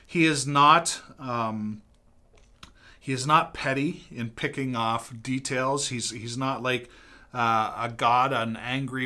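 A man's voice: medium pitch, sharp tone. A man speaking as a pastor in a devotional talk, earnest, reading from a book and repeating key lines for emphasis.

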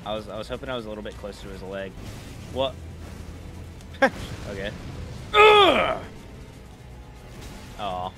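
A man's voice: on the low side, fairly quick, pauses often, faint music behind. A young man giving profane, frustrated commentary while playing a game, trash-talking bosses. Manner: swearing, frustrated outbursts, mocking trash talk. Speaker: gaming streamer.

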